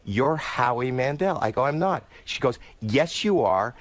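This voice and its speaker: A male comedian tells a rambling comic anecdote in a middle-pitched voice. He sinks into a low, hushed tone for quoted dialogue, then bursts into high squeals when he gets excited. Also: measured pace, no echo. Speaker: guest comedian. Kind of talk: comic storytelling.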